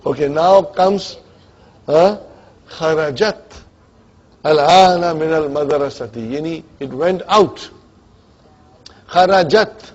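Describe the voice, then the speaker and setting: A man's voice: fairly high pitch, darkish tone. A man teaching an Arabic grammar class, quizzing students and checking they follow. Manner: mixes English with Arabic grammar terms. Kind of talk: classroom lecture. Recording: dull lo-fi classroom recording.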